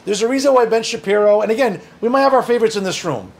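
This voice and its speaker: A man's voice: high voice, lively intonation, quick pace, creaky. A man from northern New Jersey, an opinion journalist answering audience questions in a conversational, earnest way with joking asides. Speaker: opinion journalist and guest speaker. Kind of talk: audience Q&A talk.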